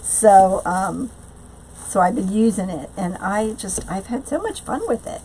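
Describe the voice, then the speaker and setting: A woman's voice: medium pitch, animated, a little slow, dark tone, a little hiss or hum, rough recording. Chatty woman hosting a live craft tutorial. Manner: chatty, answers viewer comments aloud; frequent fillers and trailing restarts. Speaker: craft channel host.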